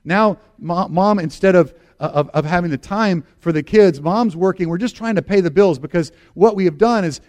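A man's voice: high-pitched, moderate pace, few pauses, darkish tone. A middle-aged American man preaching a sermon as pastor, earnest and emphatic, repeating phrases for stress.

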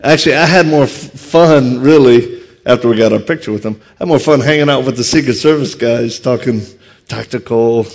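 A man with a thick Louisiana accent tells stories from a stage, quick and animated. His voice sits at an ordinary middle pitch, and he pokes fun at himself as he talks. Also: vocal fry. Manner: fast, animated, self-deprecating. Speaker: martial arts instructor and speaker. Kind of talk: humorous storytelling talk. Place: on stage before an audience.

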